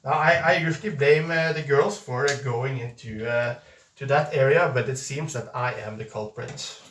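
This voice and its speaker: A man's voice: mid-range voice, moderate pace, fairly bright tone, a little hiss or hum. A man streaming live and chatting with viewers in a playful, hesitant way, full of fillers and restarts. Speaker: streamer reading viewer messages. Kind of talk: casual live-stream chat. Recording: roomy echo, distant mic.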